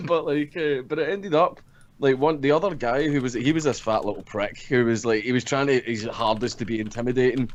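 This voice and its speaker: A man's voice: mid-range voice, brisk. A young Scottish man spins a rambling, swear-laden story in loose podcast chatter, breaking into laughter often. His voice sits mid-range for a man, and the audio is a little dull and lo-fi. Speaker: podcast co-host telling a story. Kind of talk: casual storytelling chat.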